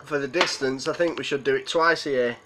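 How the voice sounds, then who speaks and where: A man's voice: mid-range voice, fairly quick, noisy background. Tearful man chatting on a livestream. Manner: rambling, chatting to viewers' comments. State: close to tears. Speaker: livestream host. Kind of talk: emotional live stream chat.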